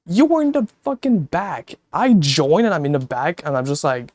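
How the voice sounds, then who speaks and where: A man's voice: fairly high pitch, expressive, normal speed, hardly any pauses, darkish tone, dry recording. A man chatting casually on a stream, telling stories with a lot of swearing and laughter. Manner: profane, laughing storyteller; talks to chat viewers.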